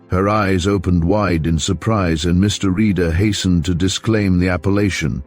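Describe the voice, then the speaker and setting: A man reading a crime novel aloud in an even, measured way as audiobook narrator. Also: low voice, dry recording, soft background music. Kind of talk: scripted narration.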